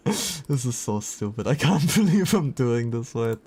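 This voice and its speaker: A man chats casually on a live stream, talking to his viewers and reacting to their messages as they come in. His voice sits in an ordinary middle pitch for a man. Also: darkish tone, husky. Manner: chatty, reacts to chat messages. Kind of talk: casual livestream chat.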